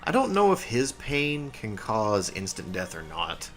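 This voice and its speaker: A man's voice: lowish voice, huge pitch swings, a little slow, fairly bright tone. A young man casually commenting on his gameplay and explaining game mechanics. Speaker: let's play host. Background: game music.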